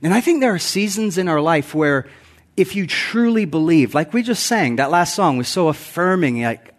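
A man's voice: a little high, animated, normal speed. A man in his forties, a guest pastor giving a conversational sermon with self-deprecating humor, often chuckling at his own stories. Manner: acts out quotes with raised voice. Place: church sanctuary.

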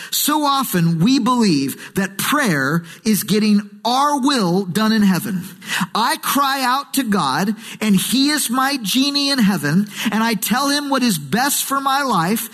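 Animated high-voiced pastor preaching. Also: male voice, measured pace. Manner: animated, switching into quoted voices. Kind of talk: sermon. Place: church sanctuary.

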